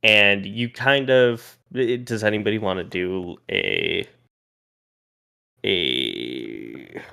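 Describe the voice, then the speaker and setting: A man narrating a tabletop role-playing game as game master, pausing and restarting as he describes each scene. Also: low-pitched, creaky, sharp tone, clean tone.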